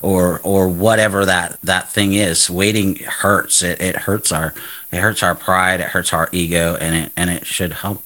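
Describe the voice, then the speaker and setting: A man with a very low voice hosts a casual faith conversation. He talks earnestly, circling back with restarts and repeated words as he works through his point. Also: a bit bright. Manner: earnest, halting with many restarts. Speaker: podcast host.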